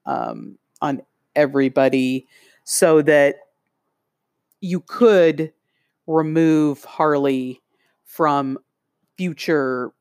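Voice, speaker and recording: Slow, hesitant podcast co-host. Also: mid-range voice, vocal fry, a little mellow, no echo, studio quality. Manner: hesitant, searching for words. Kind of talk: casual chat.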